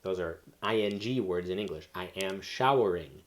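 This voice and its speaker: Male teacher, lowish voice, walks learners through grammar step by step, casual and unscripted. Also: moderate pace. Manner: explains step by step with fillers and self-corrections. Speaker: Spanish teacher. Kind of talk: recorded classroom lesson.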